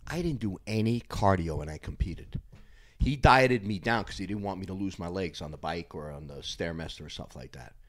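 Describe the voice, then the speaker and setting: A man in his fifties, a former bodybuilder and podcast guest, telling loud, profane, animated gym stories. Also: low-pitched, normal speed. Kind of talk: casual storytelling chat.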